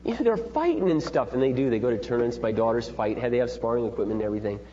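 Lively middle-aged man teaching in an echoey hall. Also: medium pitch, fast talker. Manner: rambling, folksy and animated. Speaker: seminar leader. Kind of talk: parenting seminar talk. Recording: dull echoey hall with faint hum.

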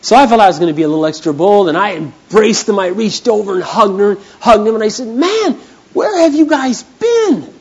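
A man preaching a sermon as a pastor, telling stories with an animated manner that swings from hushed to loud. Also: sits high, fast, hardly any pauses, breathy edge, highs cut off. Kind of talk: storytelling sermon.

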